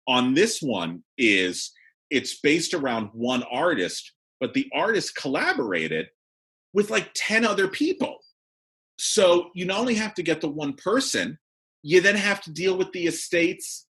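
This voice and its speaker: A man talks as a guest in a casual podcast interview, animated and prone to restarting his sentences. His pitch swings widely, and his tone is bright with a husky edge. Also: unhurried. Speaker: cabaret producer and director, podcast guest.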